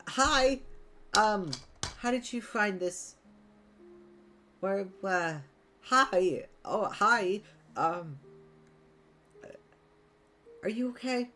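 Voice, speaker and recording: A game master voicing a flustered young adventurer in a streamed tabletop game, talking in halting bursts full of fillers and restarts. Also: mid-range voice.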